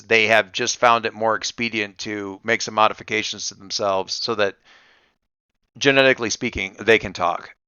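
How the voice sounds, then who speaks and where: A man runs a tabletop game in a bright, crisp voice. He thinks out loud and stops and restarts often. The sound is dry and close. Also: mid-range voice, no echo, lo-fi sound. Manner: halting, with many restarts and fillers. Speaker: game master.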